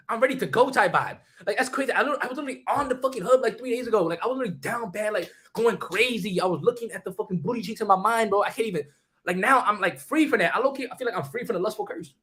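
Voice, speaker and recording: A young man streaming casually, talking fast in heavy slang while answering chat questions. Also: high-pitched, pushed and bright.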